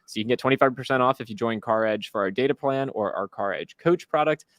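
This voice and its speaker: A man hosting a casual live-stream chat, upbeat and quick with promotional patter. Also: mid-range voice, a bit bright, dry recording. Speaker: host.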